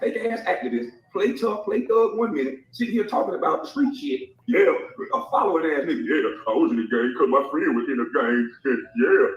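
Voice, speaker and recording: A man in a heated call-out rant, mocking and profane, taunting the person he is addressing. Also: high voice. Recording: echoey, far from mic.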